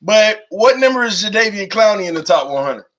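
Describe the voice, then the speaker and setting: A man hosting a casual live stream, animated and laughing often as he reads viewer comments aloud. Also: high-pitched, fairly quick, background noise. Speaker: live-stream host reading chat.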